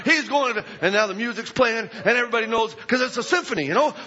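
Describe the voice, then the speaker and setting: A high-voiced male preacher with a husky, forceful tone, telling a story with animated energy and bursts of shouting. His voice rings out through a large hall on a dull, lo-fi recording. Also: fast. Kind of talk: sermon storytelling. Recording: echoey hall, dull lo-fi sound.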